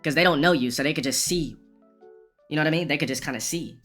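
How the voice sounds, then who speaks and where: Fast-talking, profane male streamer. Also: on the high side, fairly bright tone, faint music behind. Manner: rambling, profane, restarts often. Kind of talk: casual storytelling rant.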